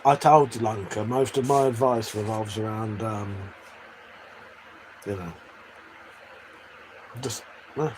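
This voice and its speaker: A man's voice: fairly low pitch, fairly even intonation, slow pace, long pauses. An English man chatting casually and crudely on a live stream, reading out chat messages and laughing often. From England. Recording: faint background noise.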